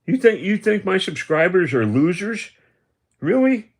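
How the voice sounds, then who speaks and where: A man's voice: high-pitched, sing-song, unhurried. A man in his seventies ranting on a livestream, taunting and accusing, repeating himself as he goes. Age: 70s. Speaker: livestream host. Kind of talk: confrontational livestream rant.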